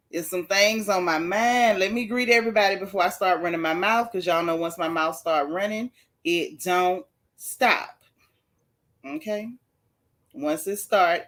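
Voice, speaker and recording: Chatty gossip-stream woman greeting her viewers. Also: on the low side. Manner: chatty, greets viewers by name, drawn-out repeated phrases. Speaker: livestream gossip host. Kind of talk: casual live-stream chat.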